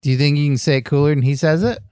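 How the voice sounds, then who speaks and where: A man's voice: a little high, fairly even intonation, rapid-fire, darkish tone, smooth, no room sound, studio quality. A man co-hosting a comedy podcast with a naive, innocently oblivious manner. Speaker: podcast co-host.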